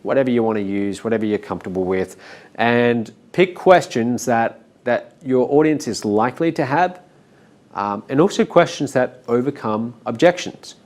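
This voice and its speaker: A man's voice: medium pitch, normal speed. A man teaching an online masterclass, explaining steps plainly with some fillers. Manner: explanatory, steady, with frequent fillers. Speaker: course instructor. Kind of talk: webinar teaching.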